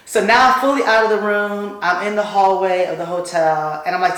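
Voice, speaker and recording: A middle-aged woman telling a personal story in conversation, animated and acting out the voices of others. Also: medium pitch, fairly quick. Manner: animated, acts out quoted voices. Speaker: guest speaker. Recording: very echoey room.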